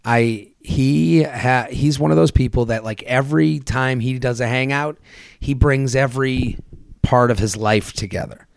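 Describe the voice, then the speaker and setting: A man hosting a comedy podcast, telling animated stories in casual, swearing chat. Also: medium pitch, measured pace, vocal fry, no room sound, studio quality. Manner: animated storytelling, swearing, acting out quotes. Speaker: podcast host.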